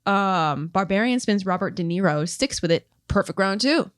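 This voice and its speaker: A woman's voice: mid-range voice, animated, normal speed, clear, resonant tone, no room sound, clean studio sound. A woman co-hosting a podcast, recapping competition matches in casual chat and reading out trivia questions. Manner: reads out match results and trivia questions, then chats loosely. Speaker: podcast co-host.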